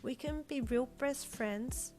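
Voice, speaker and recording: Woman reading as a high, squealy little girl, bossy and sweet, storybook reading. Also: slow pace, music in the background.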